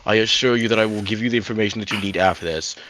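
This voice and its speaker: A man's voice: fairly low pitch, racing, fairly bright tone, a little hiss or hum. A man playing a tabletop game, hesitant at times, pressing and formal in character. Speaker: player. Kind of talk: tabletop role-play, in character.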